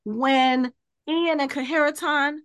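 A woman's voice: high voice, slow pace, no room sound. A woman co-hosting a podcast, casually recapping a TV episode and acting out the characters' lines as she retells scenes. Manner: animated retelling, acts out quoted dialogue. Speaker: podcast co-host.

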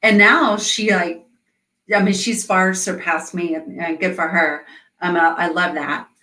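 A woman's voice: lowish voice, fairly even intonation, unhurried, pushed and bright, recorded from a distance. A middle-aged woman coach telling stories in an interview in an earnest way, with many fillers, speaking over a call. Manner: earnest, storytelling, frequent fillers. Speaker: guest, coach. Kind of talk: conversational interview. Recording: roomy echo.

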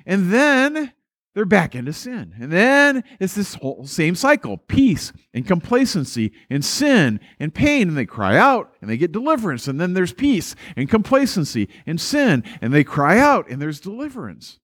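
Lively, high-pitched male preacher. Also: normal speed, no room sound, studio quality. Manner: animated storytelling with playful asides and acted-out quotes; repeats words when restarting. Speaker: pastor. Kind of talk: sermon.

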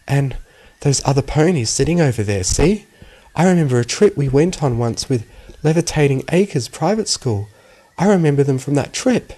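A man voices an anxious young pony student who explains things in a rattled rush, sounding shocked. His acting is light, pitched above his natural voice, mid-range and a little mellow at a moderate pace.

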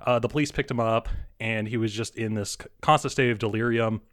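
A man's voice: on the low side, steady tone, a bit bright. Guy game-mastering a spooky tabletop game, lots of ums and restarts. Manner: halting, many ums and restarts. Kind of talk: narrating a tabletop horror game.

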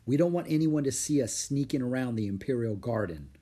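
A man's voice: mid-range voice, expressive, fairly quick, dark tone, slightly rough. A man voicing a cautious, earnest young boy in a storybook. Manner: earnest and worried.

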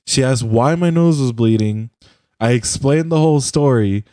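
A young man co-hosting a podcast chats casually on a voice call through a computer mic, telling a rambling, profane story stuffed with "like" and restarts. His mid-range voice is mellow at a moderate pace, and the recording sounds dry and clean, studio-like.

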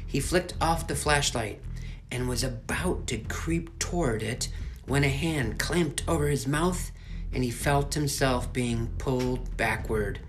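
A man narrating a children's fantasy novel as an audiobook, expressive and measured. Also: mid-range voice, a little hiss or hum. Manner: expressive, slow storytelling. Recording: soft music underneath.

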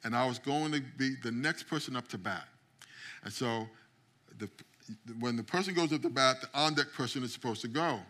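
A middle-aged man preaching a sermon as pastor, telling stories and acting out quotes, building up to loud climaxes. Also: mid-range voice, moderate pace. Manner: storytelling, acts out quotes, builds to shouting climax.

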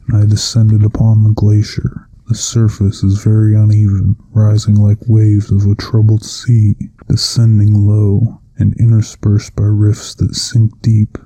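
A man giving a measured, solemn first-person reading of a classic novel. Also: lowish voice, completely flat delivery, dark tone, slightly rough, dry recording. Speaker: audiobook narrator.

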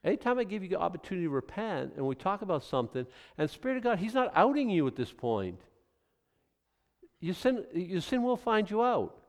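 A man's voice: high-pitched, big pitch swings, brisk. A male pastor preaching a sermon in a loose, conversational way, drifting into asides and acted-out scenes.

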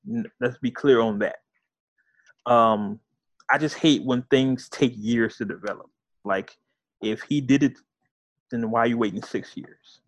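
A man's voice: mid-range voice, a little slow, long pauses, no room sound. Slangy man in casual chat, dry sound. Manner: loose, joking, slangy delivery. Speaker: podcast co-host.

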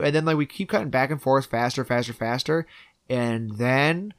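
A man's voice: mid-range voice, moderate pace, no room sound, studio quality. Man eagerly recapping a film scene. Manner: animated retelling, acting out characters' lines. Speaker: podcast co-host. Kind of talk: casual film recap chat.

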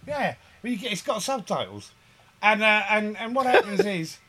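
Animated man telling a story. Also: high-pitched, moderate pace. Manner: animated storyteller, rambling with restarts and laughter. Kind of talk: casual chat.

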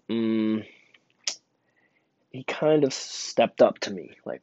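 A man's voice: mid-range voice, lively intonation, slow, pauses often, dark tone, no room sound. A young man casually telling a rambling personal story about work, full of fillers and restarts. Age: young adult. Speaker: store employee telling a story. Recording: dull lo-fi dry recording.

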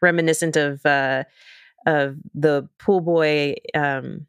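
A woman co-hosting a podcast in casual chat, giving lively commentary on a film. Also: sits low, slow, smooth. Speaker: podcast co-host.

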